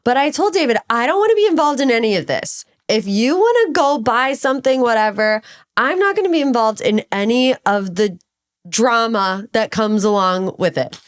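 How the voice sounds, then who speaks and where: A woman's voice: fairly high pitch, expressive, normal speed. A young woman co-hosting a podcast, chatting casually with a giggly, teasing manner. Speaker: podcast co-host. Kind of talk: casual chat.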